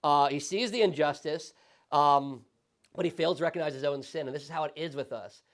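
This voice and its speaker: A male pastor teaching a Sunday school Bible study in a conversational, animated way, often checking in with the class. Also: on the high side, fairly quick. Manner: conversational, animated, frequent tag questions.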